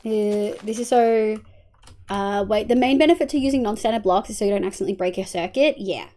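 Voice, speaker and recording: An Australian woman streaming a game, chatting casually with viewers, swearing and thanking them by name, sometimes mumbling quietly and sometimes bursting out loud. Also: medium pitch, a little fast. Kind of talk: casual live-stream chat while gaming.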